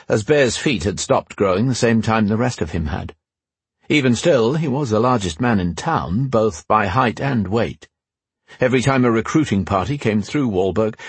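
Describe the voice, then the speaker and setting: A man reading a fantasy novel aloud as audiobook narrator, in a steady, measured way. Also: lowish voice, slightly rough, no echo.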